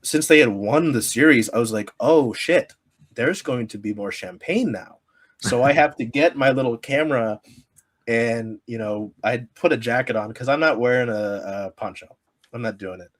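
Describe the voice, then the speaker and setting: A man with a mid-pitched, everyday voice tells clubhouse stories in a loose podcast chat. He rambles, stacks fillers, and breaks into laughter often. His speech carries a Pacific Northwest American sound. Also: moderate pace. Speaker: sports media creator, guest. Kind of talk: casual podcast interview storytelling.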